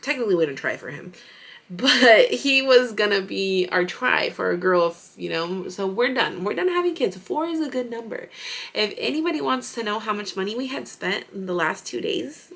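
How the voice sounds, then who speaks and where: A woman's voice: mid-range voice, animated, moderate pace, gravelly, fairly bright tone. A woman in her thirties, a mother vlogging, chatting casually and animatedly through a story with lots of fillers.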